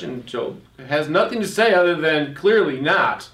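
A man's voice: a little high, expressive, normal speed, fairly bright tone, roomy sound. A man preaching a sermon. He reads scripture aloud, comments on it, and rises on his rhetorical questions. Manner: frequent restarts while explaining.

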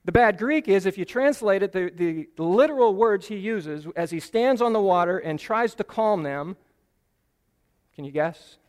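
A man's voice: high voice, lively intonation, moderate pace, a little mellow, big-room sound. A man preaching a Bible teaching sermon, earnest and explanatory, leaning on key phrases for emphasis.

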